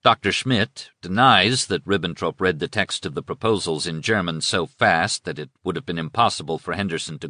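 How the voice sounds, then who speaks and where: A man reading a history book aloud as scripted narration, in a measured, formal way. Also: low voice, sharp tone, no echo, studio quality. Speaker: audiobook narrator.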